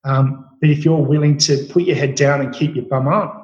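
A middle-aged man, a chef, telling stories in an interview with a relaxed, rambling manner full of fillers and restarts. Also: on the high side, moderate pace, lo-fi sound. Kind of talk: storytelling interview answers. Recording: roomy echo.

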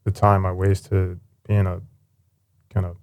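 A man in his forties, a former firefighter paramedic, telling his life story in a candid, animated way with casual swearing. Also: low voice, slow pace.

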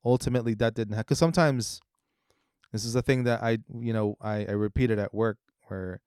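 A man's voice: fairly low pitch, fairly even intonation, fairly quick, a little mellow, smooth, no room sound, clean studio sound. A man co-hosting a podcast, talking in a rambling, reflective way with many restarts. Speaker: podcast co-host. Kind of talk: casual chat.

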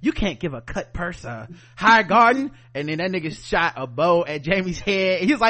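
A man's voice: sits high, expressive, normal speed, sharp tone. A man co-hosting a podcast, recapping a show animatedly, laughing often and acting out the characters in slang. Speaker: podcast co-host.

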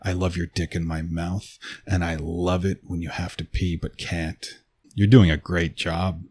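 A man with a very deep, husky voice narrates an intimate second-person erotic story. He takes his time and teases softly, close to the mic. The sound is dry, with no room around it. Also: level tone, no room sound. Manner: slow, low, teasing and intimate.

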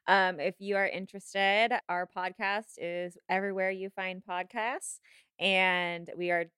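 A woman guest on a podcast talks in a relaxed, friendly way with a few ums. Her voice is smooth and clear. The recording is dry and close. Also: mid-range voice, a little slow, no echo. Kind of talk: casual chat.

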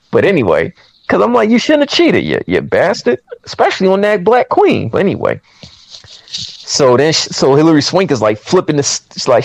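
A man retells a movie plot in casual chat, with an animated, storytelling delivery. He acts out the characters' lines as he goes. His voice sits at a middle pitch and is recorded dry and close. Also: dry recording. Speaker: movie recap podcaster.

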